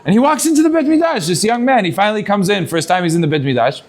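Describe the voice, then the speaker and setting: A man, a rabbi, giving a sermon to students. He tells a story in an animated way and mixes in Hebrew terms. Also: high-pitched, quick pace.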